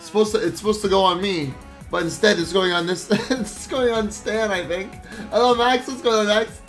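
A young man streaming games, commenting live in a jokey, excitable way and often shouting at the screen. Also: high voice, normal speed, faint music behind.

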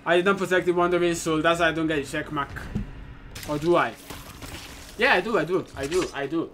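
Man, gaming host, excitable play-by-play, fairly high voice, game music loud behind. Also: brisk. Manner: excitable, frequent exclamations and repeated phrases. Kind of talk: live gameplay commentary.

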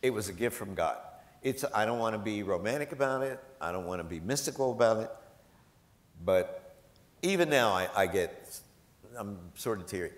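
A man, a professor, telling animated, self-deprecating anecdotes to a live audience and laughing often. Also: on the low side, moderate pace, reverberant. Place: large event hall.

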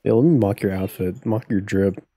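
A man's voice: on the low side, moderate pace, warm tone. A man streaming a life-sim game live, joking and swearing his way through the commentary. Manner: playful, profane, laughs often.

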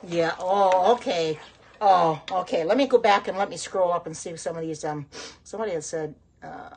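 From her home kitchen, a middle-aged woman hosts a casual livestream on her phone, chatting as she cooks, reacting out loud to viewer comments, and exclaiming often. Her voice is medium-pitched and husky.

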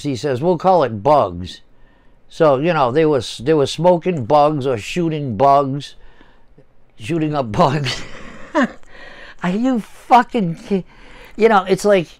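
A man's voice: mid-range voice, a little mellow, dry recording. Guy in his 60s ranting to the camera, swears a lot, mid voice, dry room. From United States. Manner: profane, swears often; heated, sarcastic, repeats words. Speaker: channel host. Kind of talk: casual rant to camera.

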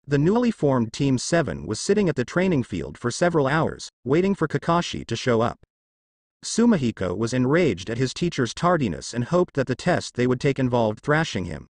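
A man narrating a fan fiction story in a lively storytelling way. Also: dry recording. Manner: lively storytelling, varies pitch for dialogue.

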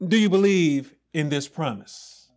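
A male pastor preaching a sermon with passion, often shouting and then dropping to low asides. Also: measured pace.

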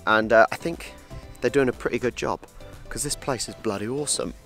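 In a mid-range, slightly bright voice that runs a little fast, an English travel vlogger chats playfully about animals while walking around an outdoor wildlife park and reptile house. It's casual walk-and-talk vlog commentary with faint music behind.

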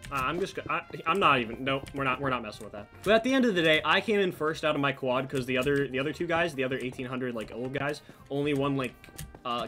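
A man telling a story in casual commentary over his own gameplay, breaking off for asides about the match. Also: mid-range voice. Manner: storytelling while playing, animated asides. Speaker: gaming commentator.

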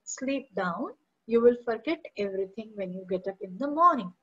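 A woman teacher with an Indian English accent goes through a story line by line for her students, slipping into Hindi to explain. Her voice sits a little high and comes through muffled, like lo-fi online class audio. She is patient and stops often to check that they follow. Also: animated, moderate pace, pushed and bright.

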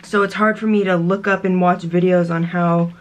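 A woman's voice: fairly low pitch, fairly even intonation, moderate pace. Young woman chatting thru a spicy noodle mukbang, cursing and gasping, coughs from the heat. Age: young adult. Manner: swearing, gasping and laughing at spicy food. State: in pain from spice, coughing. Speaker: vlogger. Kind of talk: casual mukbang chat. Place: dorm room.

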